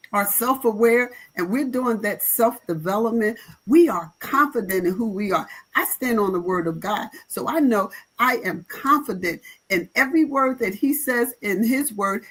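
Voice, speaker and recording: A woman's voice: medium pitch, a bit bright, husky, rough recording. A woman pastor speaking on a live panel, emphatic and encouraging, with a preaching flavor.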